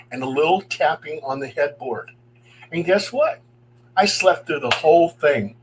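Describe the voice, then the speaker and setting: Middle-aged man, paranormal investigator, lively raconteur, slightly high voice, faint hum underneath. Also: measured pace, low-quality recording. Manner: animated, acts out voices in his stories. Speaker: paranormal investigator telling stories. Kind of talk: casual storytelling on a talk show.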